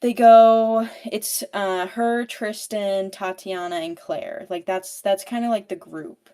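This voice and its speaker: A woman's voice: mid-range voice, steady tone, takes it slowly, mellow, clear, resonant tone. A woman podcast co-host recapping a book in casual chat, rambling and full of filler "like"s. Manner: rambling, filler-heavy with frequent "like".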